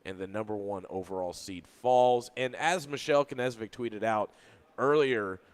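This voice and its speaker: A man's voice: lowish voice, normal speed. A man co-hosting a sports radio show, talking basketball in a loose, rambling way full of restarts. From Louisville, Kentucky. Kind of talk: casual sports talk. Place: radio studio.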